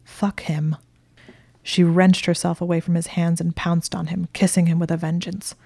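Low gravelly whispering woman narrator. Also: completely flat delivery, no room sound, clean studio sound. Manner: hushed, slow and breathy. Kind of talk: whispered role-play.

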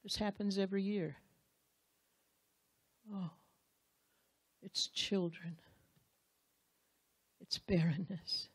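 A woman's voice: mid-range voice, steady tone, very slow, pauses often, husky, no room sound. A woman Bible teacher giving a sermon, speaking earnestly and straight to the husbands in the room, acting out the quotes she reads.

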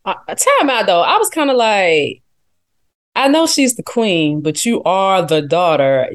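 A woman co-hosting a casual chat, playful and jumping in with quick reactions. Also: mid-range voice, big pitch swings. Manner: playful, laughs a lot, jumps in with quick reactions. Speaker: podcast co-host.

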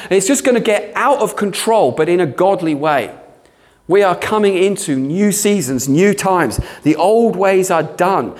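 A man's voice: high-pitched, measured pace. A middle-aged man preaching a fervent sermon, often breaking into hallelujah and amen. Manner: fervent, animated, fond of interjections like hallelujah and amen.

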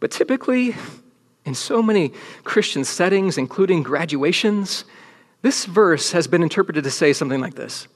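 A man's voice: on the high side, lively intonation, moderate pace, big-room sound. A man preaching a sermon to a room full of people, speaking emphatically and dropping to near-whispers to stress a point. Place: large room with an audience.

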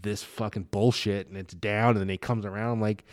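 A man in casual chat who swears constantly and tells animated stories about being a father, often stammering and restarting. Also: lowish voice, normal speed, no room sound, studio quality. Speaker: guest telling personal stories; father of a young daughter.

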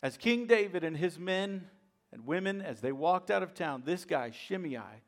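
Man preaching, high-pitched voice, dramatic storytelling, hushed to loud. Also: expressive, moderate pace. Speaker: pastor. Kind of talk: sermon.

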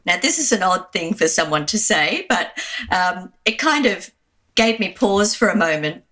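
A woman's voice: fairly low pitch, animated, normal speed. An Australian woman, an Anglican minister, recounting a personal story in an interview with frequent fillers. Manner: warm anecdotal retelling with fillers.

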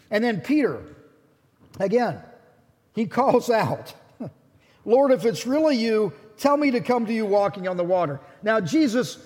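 A man preaching a sermon as lead pastor, retelling the story with animated, acted-out voices. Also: high voice, slightly rough, in a large hall.

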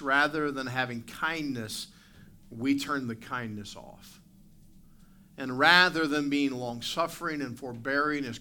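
Bright-voiced male pastor preaching. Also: mid-range voice, slight background noise. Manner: animated preaching, acts out barking dog and asides to the congregation. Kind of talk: sermon. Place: church sanctuary.

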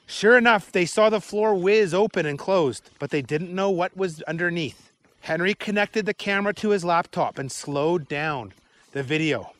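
A man reading a children's adventure story aloud in an unhurried, expressive way. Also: high-pitched.

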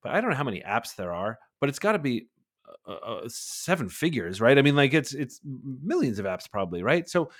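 A man in his forties talks as a guest on an interview podcast. He speaks fast and with animation, and he often slips into little acted bits of dialogue. His pitch sits mid-range. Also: sing-song, a bit bright. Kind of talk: conversational interview.

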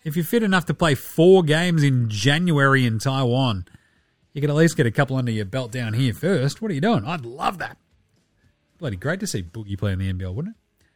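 A man with an Australian accent hosting a podcast, jokey and excitable in slangy sports chat. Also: medium pitch, a little fast, no echo, clean studio sound. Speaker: podcast host.

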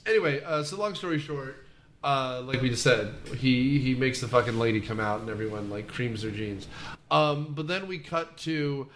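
A man's voice: medium pitch, normal speed, fairly bright tone, a little hiss or hum. Rambling casual man podcasting. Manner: rambling, crude, self-interrupting. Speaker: podcast co-host. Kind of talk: casual chat about movies.

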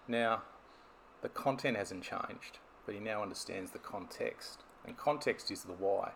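A man's voice: on the low side, unhurried, gravelly, a bit bright, slight background noise. A man, a business coach telling stories and explaining ideas in a podcast conversation. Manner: storytelling, explanatory.

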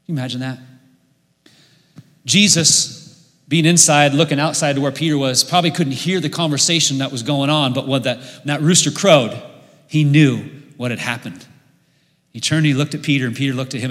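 A man preaching a sermon, retelling a Bible story with loud bursts of emphasis and hushed, quiet asides. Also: fairly high pitch. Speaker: pastor. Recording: long hall reverb.

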